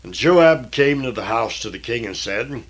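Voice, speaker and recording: A man reading scripture aloud in a deliberate, old-fashioned diction, stopping now and then for plain explanatory asides. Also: mid-range voice, expressive. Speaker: Bible reader and teacher.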